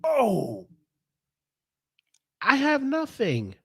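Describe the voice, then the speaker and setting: A man's voice: very high voice, huge pitch swings, extremely slow, creaky, bright, forceful tone, slightly rough, no room sound, studio quality. Exasperated, stammering male commentator. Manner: exasperated, sarcastic, stammering restarts. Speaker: commentary vlogger. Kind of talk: reaction commentary.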